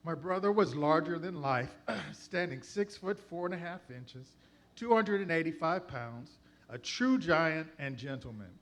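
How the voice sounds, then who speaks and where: A man giving a spoken church testimony, measured and heartfelt, speaking slowly and deliberately. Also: a little high, expressive, fairly bright tone. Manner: slow, heartfelt, measured delivery.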